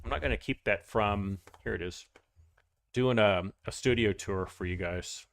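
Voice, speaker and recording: A man's voice: lowish voice, normal speed, gravelly, no room sound. A man hosting a live game stream, chatting casually to viewers, greeting them by name and rambling through restarts as he plays.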